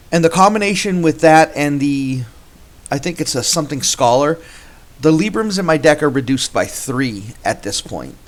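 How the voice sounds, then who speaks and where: A man hosting a gameplay video, casually commentating his card game and thinking aloud with frequent restarts. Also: on the high side.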